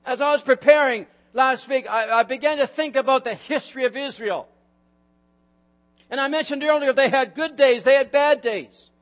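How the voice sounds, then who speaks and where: Male pastor with a strikingly high voice, preaching in a church; emphatic and repetitive, with sudden loud bursts. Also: normal speed. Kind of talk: sermon. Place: church sanctuary.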